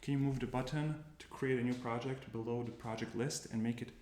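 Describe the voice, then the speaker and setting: A developer gives relaxed screencast commentary in a medium-pitched, darkish voice, steady in tone and a little fast. He thinks aloud about his code, often stopping and correcting himself. Expect keyboard typing and mouse clicks in a roomy recording with noticeable background noise.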